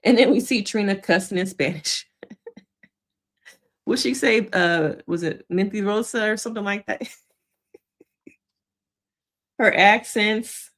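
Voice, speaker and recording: In a mid-range voice and at a measured pace, this woman, a therapist, animatedly recaps a reality TV episode. Along the way she acts out lines and laughs.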